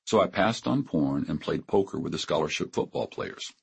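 A man in his seventies from Texas, narrating his memoir in a measured, reflective way. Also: rumbling low, animated, gravelly, slightly rough.

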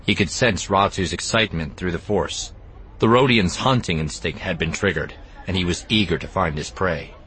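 A man narrating an audiobook in an expressive, even storytelling manner. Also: sits low, normal speed, a little hiss or hum. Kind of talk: scripted narration.

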